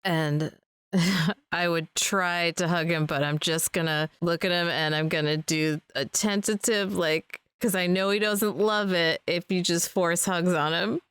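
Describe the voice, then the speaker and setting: A woman taking part in a tabletop game, with a voice pitched low for a woman. She talks eagerly and the sound is dry and close to the mic. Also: fairly even intonation, a little slow, fairly bright tone, smooth, dry recording. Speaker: player. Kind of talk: tabletop role-play.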